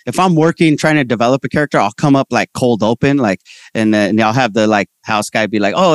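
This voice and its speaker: A man talking as a comedian guest in a casual interview, telling stories in slangy, animated speech and voicing the people he quotes. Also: mid-range voice, dry recording, clean studio sound.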